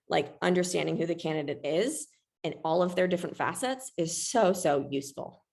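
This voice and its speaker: A woman presents a webinar in a casual, chatty way, with frequent self-deprecating asides. Her voice sits low and has a gravelly fry running through it.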